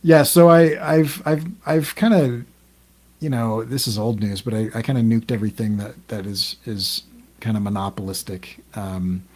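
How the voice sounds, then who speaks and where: A man's voice: lowish voice, moderate pace, a little mellow. A man co-hosting a podcast in casual group chat, talking in a rambling way with many ums and restarts. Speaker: podcast co-host.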